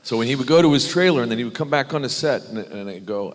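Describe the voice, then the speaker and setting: A man, a guest actor on a convention panel, telling an animated, self-deprecating anecdote with many restarts. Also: medium pitch, fast. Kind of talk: anecdotal storytelling. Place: large convention hall panel. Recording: echoey convention hall.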